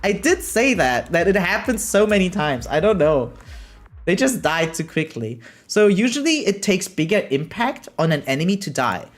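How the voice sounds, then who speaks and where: Lively man with a German accent. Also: high-pitched, moderate pace. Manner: animated, laughs often, reads chat aloud and answers it. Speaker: game streamer. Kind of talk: live gameplay commentary, chatting with viewers.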